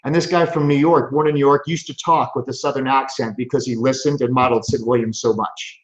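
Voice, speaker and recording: A man's voice: mid-range voice, fairly even intonation, quick pace, echoey room, muffled recording. A man hosting a live chiropractic show, speaking in an earnest, preachy motivational way and often restarting his phrases. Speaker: chiropractor host.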